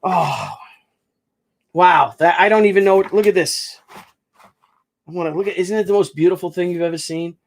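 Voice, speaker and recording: Guy with a pretty high voice doing an unboxing vid, lots of ums, restarts, gushing. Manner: halting and effusive, with many restarts and fillers. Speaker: vlogger unboxing a gift. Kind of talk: casual unboxing video. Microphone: camera mic.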